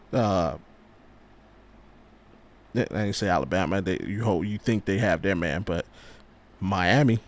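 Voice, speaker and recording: A man co-hosting a sports podcast, speaking casually with slang and reading out viewer comments. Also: on the low side. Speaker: podcast co-host.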